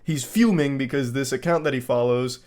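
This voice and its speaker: A man giving comedic commentary on screenshots of text messages, deadpan with dry sarcasm. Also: medium pitch, a little fast. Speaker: online commentator.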